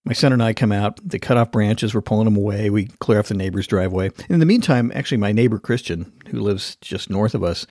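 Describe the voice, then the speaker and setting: A man hosting a podcast, telling a story in an animated, casual way and acting out the voices of the people in it. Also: lowish voice, fast talker, hardly any pauses, no echo, studio quality. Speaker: podcast host.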